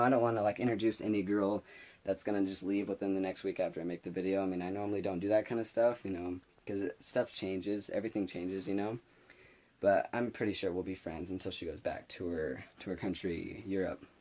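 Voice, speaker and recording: A young man with a slightly low voice tells a story to camera in a loose, casual way. He rambles, restarts his sentences and leans on filler words, now and then dropping to a whisper for an aside. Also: darkish tone. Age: young adult. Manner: drops to a whisper for quoted asides. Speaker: vlogger.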